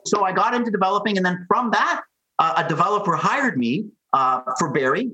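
Lively, husky man telling stories. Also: high voice, a little fast, poor audio. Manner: animated, tells stories acting out quotes. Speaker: guest. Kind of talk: storytelling in a podcast interview.

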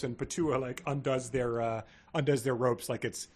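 A man co-hosting a casual podcast, retelling a book's plot and loudly acting out its quoted lines. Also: medium pitch, fairly even intonation, normal speed. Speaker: podcast co-host. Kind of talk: casual chat retelling a book.

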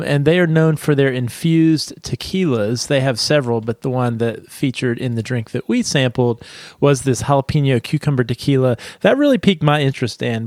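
A man's voice: mid-range voice, darkish tone, dry recording, clean studio sound. A man with a stuffy nose, co-hosting a podcast in casual, joking chat. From United States. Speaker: podcast co-host.

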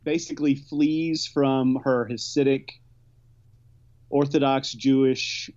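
A podcast co-host chatting casually about a show, relaxed and a little hesitant. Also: medium pitch, slow pace. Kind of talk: casual chat. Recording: dull lo-fi sound.

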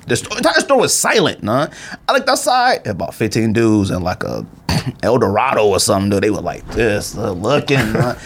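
Animated man telling a story. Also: brisk, a little hiss or hum. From Arizona, USA. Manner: animated storyteller acting out quotes with big pitch jumps. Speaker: podcast host. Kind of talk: casual storytelling chat.

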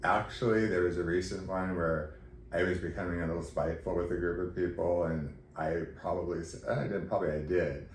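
Very deep-voiced man telling his story. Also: fairly quick. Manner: emotional, animated, acts out quoted dialogue. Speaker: podcast guest. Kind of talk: candid conversational storytelling. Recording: roomy echo, faint background noise.

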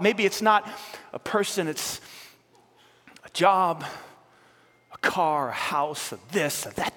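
A male pastor preaching with passion, his voice swinging from loud urgent appeals to soft, hushed words, often repeating phrases as he speaks straight to the congregation. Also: on the high side, unhurried, pauses often, big-room sound. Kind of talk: sermon.

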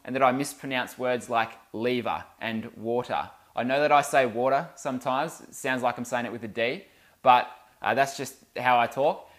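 A man's voice: mid-range voice, steady tone, moderate pace, hardly any pauses, fairly bright tone. A man with an Australian accent, hosting a casual vlog and talking to viewers in a plain, direct way. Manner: plain-spoken, asks viewers questions directly. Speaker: swimming coach and channel host.

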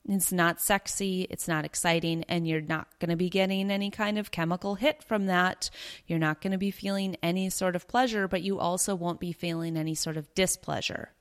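A young adult woman talks through her ideas as a podcast host, in a relaxed and earnest monologue. Her voice sits a little low for a woman, and she often repeats a phrase to press a point. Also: fairly quick, clear, resonant tone. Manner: earnest, conversational, repeats herself for emphasis. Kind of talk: casual teaching monologue.

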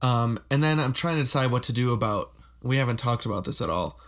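A man co-hosting a podcast in casual chat, relaxed and rambling, laughing often, with a flat Midwestern accent. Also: medium pitch, quick pace. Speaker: podcast co-host.

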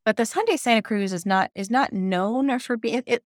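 A woman's voice: on the high side, moderate pace, dry recording, studio quality. A woman in her fifties, a journalist guest telling her story in a casual podcast chat, enthusiastic and laughing often. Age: 50s.

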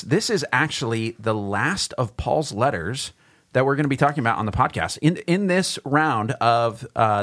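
A man's voice: mid-range voice, a bit bright. A man pastor hosting a Bible podcast, chatting casually, laughing easily and adding self-conscious asides while he explains the passage. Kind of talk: casual chat and Bible teaching.

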